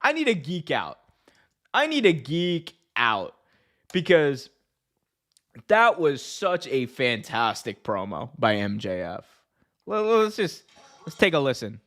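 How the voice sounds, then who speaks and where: A man hosting a podcast in casual chat, excitable and full of "like". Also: medium pitch, slow, long pauses. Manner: excitable, heavy use of "like". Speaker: podcast host.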